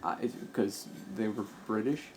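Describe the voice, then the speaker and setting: A man's voice: on the low side, normal speed, darkish tone, slight background noise. An American man co-hosting a casual gaming stream, rambling through his opinions with frequent restarts and lots of "like". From United States. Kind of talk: casual chat while playing a game.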